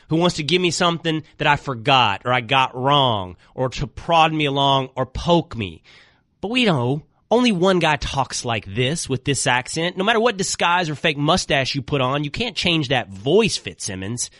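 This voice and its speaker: Animated bright-voiced talk radio host. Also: male voice, a little high, no room sound, clean studio sound. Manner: animated, joking, quick asides.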